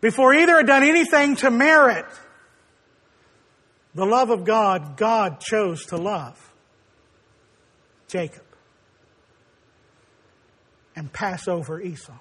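A man preaching a sermon, emphatic and rising to forceful declarations, acting out quoted dialogue as he tells a story. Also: high voice, expressive, measured pace, long pauses.

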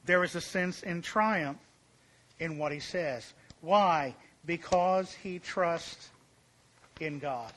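A man preaching a sermon, stressing key phrases by repeating them and slowing down, with his voice falling softer at the ends of points. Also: a little high. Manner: emphatic, repeats key phrases, slows and drops to a hush for emphasis.

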